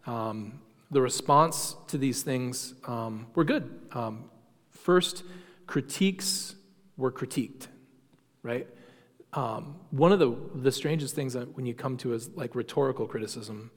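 In a church classroom, a man teaches Sunday school as a conversational lecture, frequently putting questions to the class and using lots of fillers. His mid-range voice is unhurried, with a big-room sound.

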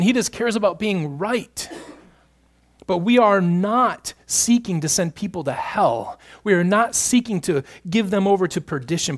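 High-voiced preacher, hushed then emphatic. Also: male voice. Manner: swings between hushed, slow stretches and loud, emphatic bursts. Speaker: pastor. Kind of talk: sermon.

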